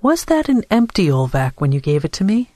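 A man's voice: high-pitched, lively intonation, a little slow, darkish tone, no echo. A man voicing a guarded, grieving young woman with a law background, pressing pointed and suspicious questions. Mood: wary.

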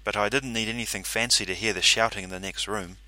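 Man, first-person story narration, lowish voice, bright tone, dry close sound. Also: steady tone, fast talker, dry recording.

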